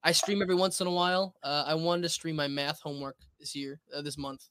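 A man's voice: on the high side, flat delivery, quick pace, a bit bright, clean tone, no room sound. A man in his twenties as a podcast guest, laid-back with crude humor. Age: 20s. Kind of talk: casual podcast interview.

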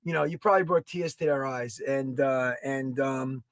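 A man co-hosting a podcast, telling a story in a casual, animated way, swearing and acting out his own quotes. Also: mid-range voice, moderate pace, no room sound. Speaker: podcast co-host. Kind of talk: casual chat.

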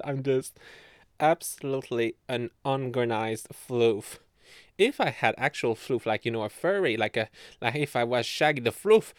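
A man's voice: medium pitch, no echo, clean studio sound. A young man from Canada chatting on his podcast from bed, giggling often, rambling and swearing. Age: young adult. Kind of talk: casual solo chat.

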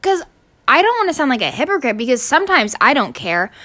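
Exasperated teenage girl ranting, higher voice. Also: sing-song, quick pace, pushed and bright. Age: teens. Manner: exasperated, swearing, rambling with restarts. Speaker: student podcaster. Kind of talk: ranting casual podcast.

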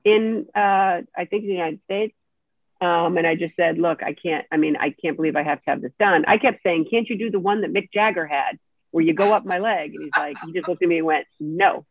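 A woman telling a personal story as an interview guest, animated and acting out the people she quotes. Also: lowish voice, fairly quick, no room sound. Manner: animated, acts out quoted speech. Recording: tinny dry phone line.

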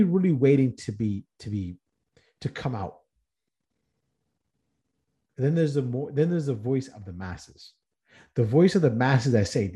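Guy doing a motivational podcast rant, warm mellow tone, mid pitch, keeps restarting sentences. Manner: earnest, rhetorical questions, frequent restarts. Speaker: podcast host.

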